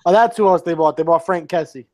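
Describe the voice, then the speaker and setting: A man's voice: a little high, quick pace, a little mellow, no room sound. A man co-hosting a football podcast in laid-back, slangy casual chat. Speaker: podcast co-host.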